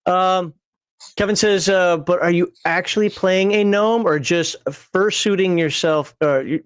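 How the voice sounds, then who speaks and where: A man's voice: high-pitched, a little slow, clean tone, dry recording. A man hosting a livestream panel show, reading viewer comments aloud and giving wry, opinionated takes with frequent fillers.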